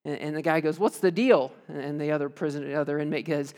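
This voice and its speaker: High-voiced pastor in a reverberant church. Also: male voice, fast talker. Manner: casual, animated storytelling with fillers. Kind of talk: sermon. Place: church sanctuary. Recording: long reverb of a church hall.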